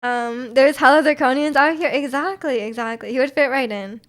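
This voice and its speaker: A woman's voice: high-pitched, moderate pace, a bit bright. A woman streamer chatting casually with her chat, bubbly and giggly, often restarting her sentences. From Canada. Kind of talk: casual chat reading viewer comments.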